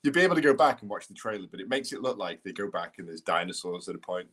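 A man co-hosting a podcast, chatting in a relaxed way, sharing film trivia and swearing casually. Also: deep voice, racing, slightly rough. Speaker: podcast co-host. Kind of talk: casual chat.

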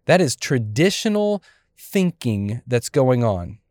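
A male pastor delivering a lively sermon and dramatizing the scripture scenes as he goes. His voice sits on the higher side. The sound is dry and close, with no room echo. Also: normal speed. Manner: animated, acts out the scripture scenes.

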